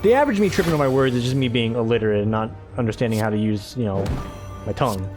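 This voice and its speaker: A man with a mid-range, expressive voice rattles off very fast commentary over background music as a let's play host. He casually narrates his own game playthrough, rambling, stumbling over words and swearing offhandedly.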